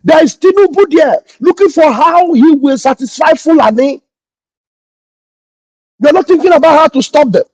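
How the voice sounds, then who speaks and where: A man's voice: extremely high pitch, normal speed, pauses often, a little mellow, no echo, muffled recording. A man, a pastor hosting a morning livestream, scolding his critics indignantly and repeating his phrases. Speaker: pastor and online host.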